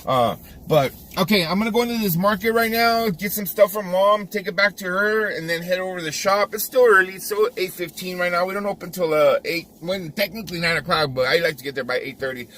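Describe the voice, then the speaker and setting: A man's voice: sits high, a little fast, hardly any pauses, a bit bright, slight background noise. A man who owns a barbershop, talking casually to his viewers in a vlog with a Californian accent and a lot of repeated words and restarts, as if coaching younger barbers. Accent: Californian English. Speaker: barbershop owner and vlogger. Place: driving around town, then in his barbershop.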